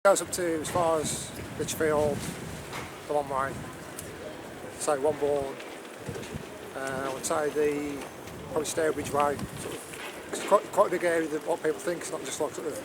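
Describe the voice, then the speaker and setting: A man answers hesitantly in a rambling way. He is recorded outdoors with clear street noise behind him. His pitch is somewhat high for a man. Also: fairly even intonation, normal speed, pauses often. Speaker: interviewee.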